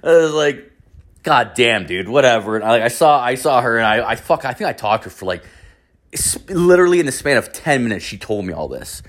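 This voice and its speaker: A man telling a rambling anecdote in casual talk, swearing heavily and filling every pause with "like", partly from a bathroom. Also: medium pitch, lively intonation. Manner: rambling, heavy swearing, constant "like" fillers. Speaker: storyteller. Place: bathroom, mid-story.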